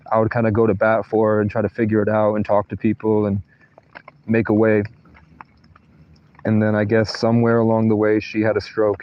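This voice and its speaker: A man with a lowish voice rambles through personal stories on a livestream from his tent as a thunderstorm rages. His talk is profane and wandering, with sentences left unfinished, and the recording has a lo-fi quality.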